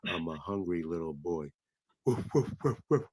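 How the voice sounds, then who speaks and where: A man voicing a hungry male pet dog who waits eagerly by his bowl and barks in a slow, sing-song way. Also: low voice, lively intonation, a little mellow, slightly rough, no echo.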